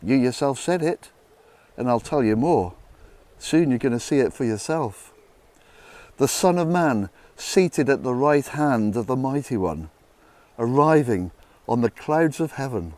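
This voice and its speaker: A man voicing Jesus as a calm, curt, solemn figure in a Bible story reading. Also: mid-range voice, close to an everyday voice. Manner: curt, measured.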